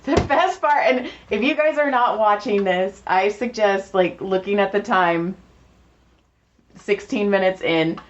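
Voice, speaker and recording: A woman co-hosting a podcast, telling animated stories in casual chat, often laughing and swearing. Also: medium pitch, measured pace. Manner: animated storytelling with laughs and profanity. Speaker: podcast co-host. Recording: dull lo-fi sound.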